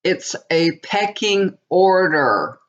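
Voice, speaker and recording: An older woman talking casually to her viewers in a slightly low voice. She rambles from story to story and teases herself as she goes. The recording sounds dull and lo-fi, as if made at home. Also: very animated, drawn-out words. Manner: chatty, rambling, laughs at herself. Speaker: tarot reader.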